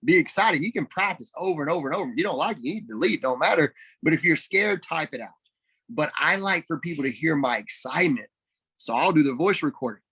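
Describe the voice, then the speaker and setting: A man leading a team call, coaching in an energetic, emphatic way and repeating phrases for stress. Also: on the high side, fast talker, breathy edge. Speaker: network marketing team leader. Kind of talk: coaching talk on a group call.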